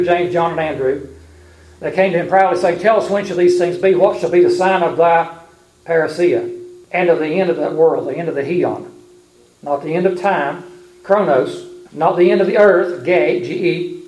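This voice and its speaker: Male Bible teacher with a high voice, reading verses and explaining words; roomy sound. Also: a little mellow, slight background noise. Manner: reads scripture aloud, stopping to explain words and spell them out. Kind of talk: Bible lesson with scripture reading.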